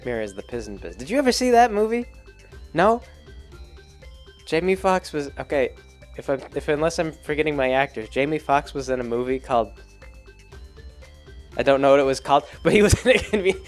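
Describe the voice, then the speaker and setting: A man hosting a vlog in loose, rambling casual chat, full of filler words and chuckles. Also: medium pitch. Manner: chuckles as he talks. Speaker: vlog host.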